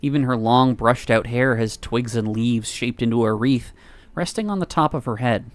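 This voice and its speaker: A man streaming, reading a visual novel aloud with expressive narration and laughing asides. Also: mid-range voice, normal speed.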